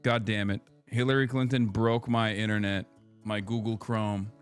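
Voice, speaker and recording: A man's voice: on the low side, level tone, moderate pace, smooth, soft background music. A young man hosting a live political stream, casual and sarcastic, swearing often.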